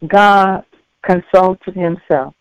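A woman preaching a sermon, slow and repetitive, punctuated with frequent amens. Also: lowish voice, smooth, dry recording. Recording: tinny phone-like line, dry.

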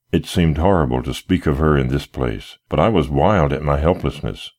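Deep-voiced man narrating expressively. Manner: expressive storytelling, wide melodic swings. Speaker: audiobook narrator. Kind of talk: first-person literary narration.

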